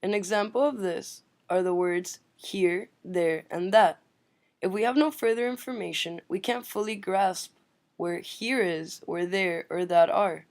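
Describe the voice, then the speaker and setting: A woman's voice: fairly low pitch, unhurried. A woman student reading her part of a class presentation, explaining terms.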